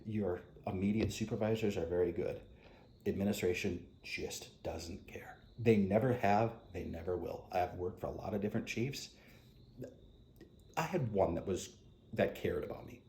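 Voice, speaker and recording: A middle-aged man, a retired police officer, frankly recounting his experiences in an interview with halting restarts. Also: low-pitched. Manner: halting, frank, drops soft quoted asides. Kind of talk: interview storytelling. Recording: echoey room with faint noise.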